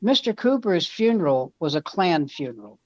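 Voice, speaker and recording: A man, a comedian guest, telling family stories in an animated way and jumping up loudly when he imitates people. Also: fairly high pitch, moderate pace, dry recording. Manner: animated, loud jumps when acting out quotes. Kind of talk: storytelling comedy chat. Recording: dull lo-fi dry sound.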